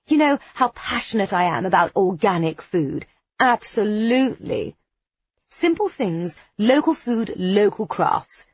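A woman's voice: medium pitch, husky, no room sound, highs cut off. A woman voicing a smug, fashionable businesswoman who gushes on the phone in an affected way. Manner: gushing, affected phone chatter. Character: smug posh businesswoman, fashionable and self-satisfied.

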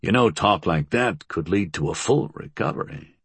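A man voicing a calm, calculating younger brother, talking low and quiet in an audiobook. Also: moderate pace, breathy edge, no echo, full character voice. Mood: quiet, wry. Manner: quiet, low conspiratorial delivery. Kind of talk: audiobook character voice.

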